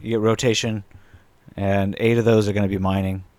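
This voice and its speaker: A man acting as game master, explaining rules with halting restarts. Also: fairly low pitch, little pitch movement, darkish tone, dry recording. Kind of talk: running a tabletop role-playing game.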